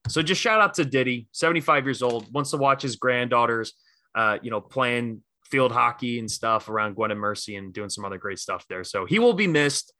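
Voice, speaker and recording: A man's voice: mid-range voice, bright, forceful tone, dry recording. A man co-hosting a casual sports podcast, talking enthusiastically and rambling with fillers and restarts. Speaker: podcast co-host.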